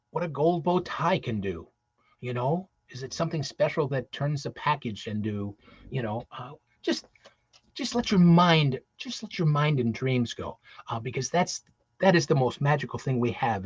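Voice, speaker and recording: A man's voice: fairly high pitch, no echo, highs cut off. A man who performs as Santa, giving a rambling, encouraging talk full of restarts and fillers. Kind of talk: casual motivational talk.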